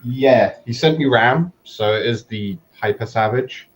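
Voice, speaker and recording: A man's voice: mid-range voice, unhurried. Young man, video call guest, eager, chatty, mid-range voice. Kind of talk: casual video call chat.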